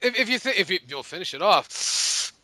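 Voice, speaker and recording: A man's voice: high voice, big pitch swings, normal speed, crowd noise. A man hosting a podcast with a sore throat, ranting casually in a profane, rambling, joking way. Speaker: podcast host.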